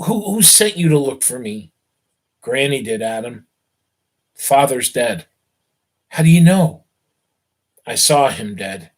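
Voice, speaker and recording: A male teacher on a live stream who recaps a novel for his students with casual fillers, then reads the story aloud steadily and with feeling. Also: mid-range voice.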